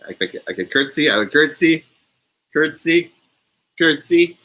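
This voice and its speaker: A man's voice: a little high, expressive, unhurried, sharp tone, rough recording. A man hosting a casual live stream from home, playful and laughing often as he runs a word game with viewers.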